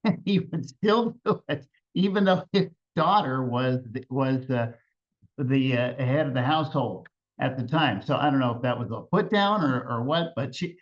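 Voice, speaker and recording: A man telling a family tall tale live, halting and repeating words with chuckles between lines. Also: mid-range voice. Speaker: storyteller. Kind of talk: live storytelling. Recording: lo-fi event recording.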